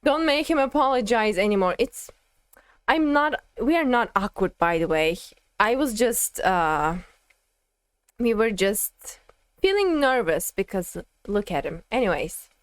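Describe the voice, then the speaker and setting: A woman's voice: mid-range voice, big pitch swings, unhurried, clear, resonant tone, no room sound. A young woman streaming a game and reacting, giggling, flustered and gushing in casual commentary.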